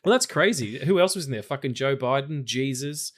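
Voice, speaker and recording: A man's voice: mid-range voice, expressive, fairly quick. A man guesting on a podcast in casual chat, loose and sweary, often rambling.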